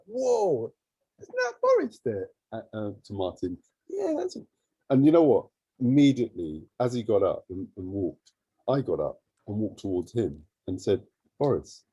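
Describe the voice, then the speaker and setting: A man recounts a story in an interview with a very dark, mellow tone and a husky edge. He talks in a lively way and slips into the voices of the people he quotes. The sound is dry and close. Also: lowish voice, normal speed, no echo, low-quality recording. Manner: lively, acts out remembered dialogue. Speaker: charity CEO.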